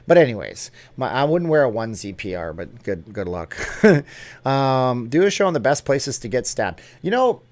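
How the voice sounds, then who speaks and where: A man's voice: mid-range voice, sing-song, normal speed, darkish tone. A man hosting a casual live stream, chatting and joking as he answers viewer comments off the cuff.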